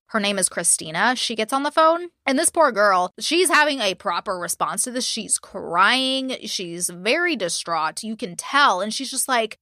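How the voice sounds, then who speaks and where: A woman's voice: mid-range voice, bright, forceful tone, dry recording, studio quality. A woman co-hosting a true-crime podcast, retelling events bluntly and profanely, acting out the quotes. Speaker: podcast co-host.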